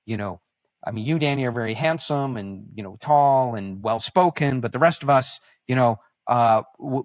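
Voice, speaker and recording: A man who is a podcast guest, telling stories in an animated, rambling way, with restarts. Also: medium pitch, no echo, studio quality. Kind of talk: casual conversational storytelling.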